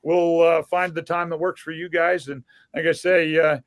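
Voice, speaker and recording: Rambling guest from a garage home studio. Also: male voice, a little high, level tone, moderate pace, no echo. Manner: rambling, hesitant, many fillers. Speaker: guest, former sports TV camera operator. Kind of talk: casual chat on a podcast.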